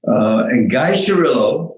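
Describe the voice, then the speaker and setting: An older man, a former tech executive, telling lively stories in an interview, laughing at his own anecdotes and acting out the quotes. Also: medium pitch, measured pace, roomy sound, rough recording.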